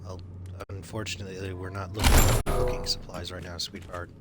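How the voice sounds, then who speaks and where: Excitable swearing male game streamer. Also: low-pitched, a little fast, over loud music. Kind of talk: live gameplay commentary. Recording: noisy stream audio.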